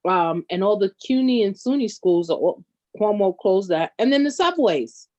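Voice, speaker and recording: A woman's voice: medium pitch, animated, normal speed, dark tone, muffled recording. A woman in her forties with college-age kids, chatting wryly on a talk show. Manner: wry, self-deprecating. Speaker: co-host. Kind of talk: casual chat show.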